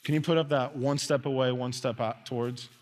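A man preaching a sermon as pastor, earnest, dropping to soft tones and rising to loud calls. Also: medium pitch, steady tone, a little fast. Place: church sanctuary. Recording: long reverb of a large hall.

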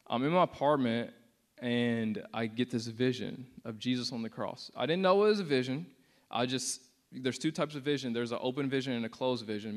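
A young man shares a personal testimony with a church audience in a loose, conversational way. He is earnest and unpolished, full of fillers, and he leans hard into the words he quotes. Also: medium pitch. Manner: casual and earnest, many "like" fillers, acts out quotes with rising intensity. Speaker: speaker sharing a testimony.

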